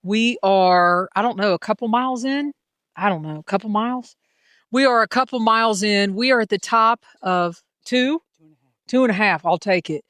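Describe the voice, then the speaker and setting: A woman's voice: medium pitch, moderate pace, fairly bright tone, no room sound, clean studio sound. Chatty Southern woman on a mountaintop. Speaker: hiker and vlogger. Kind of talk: casual trail vlog. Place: outdoors on a mountain summit.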